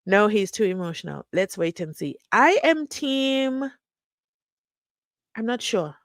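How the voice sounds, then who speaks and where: A woman's voice: medium pitch, big pitch swings, slow pace, no room sound. A woman hosts a live stream, reading out chat comments and telling stories in a chatty, teasing way. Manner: chatty and playful, teasing, laughing at her own jokes. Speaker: livestream host.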